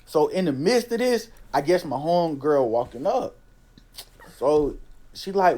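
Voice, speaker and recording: Casting: young guy with a higher voice, slangy animated storyteller. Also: measured pace. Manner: slangy, animated, says bro constantly. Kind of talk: casual storytelling.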